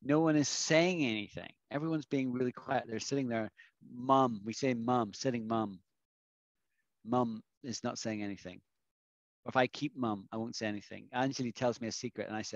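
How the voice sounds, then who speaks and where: A man's voice: medium pitch, moderate pace, no room sound, muffled recording. A man teaching English phrases to a small online class, explaining and asking the class questions. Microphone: video call.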